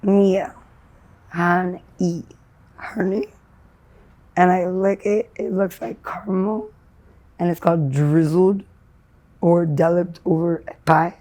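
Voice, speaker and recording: Interviewee: a woman with a lowish, mellow voice who rambles and drifts between topics without clear links. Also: steady tone, unhurried. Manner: rambling, disjointed, free-associating talk. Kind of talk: street interview.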